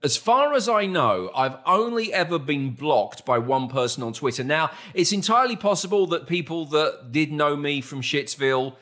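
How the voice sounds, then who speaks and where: A man's voice: a little high, lively intonation, normal speed, hardly any pauses, sharp tone. Southern British man telling rambling anecdotes. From southern England. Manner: rambling, self-mocking anecdotes with acted-out quotes. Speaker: podcast host. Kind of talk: casual chat, storytelling.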